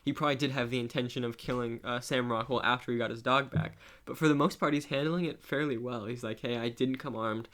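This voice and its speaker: A young man co-hosting a podcast, talking casually about a film in a relaxed, rambling way with many fillers. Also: medium pitch, fast talker, few pauses. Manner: relaxed, many fillers like "like", quotes lines in raised voice. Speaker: podcast co-host.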